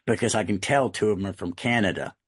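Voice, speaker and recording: A man's voice: lowish voice, fast talker, slightly rough, no echo, clean studio sound. An American man chatting casually on a podcast, rambling through anecdotes and tangents. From United States. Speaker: podcast co-host.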